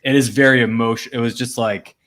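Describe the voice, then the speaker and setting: A man co-hosting a casual podcast chat, reflective and measured with some hesitations. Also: mid-range voice, fairly even intonation, fairly bright tone. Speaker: podcast co-host.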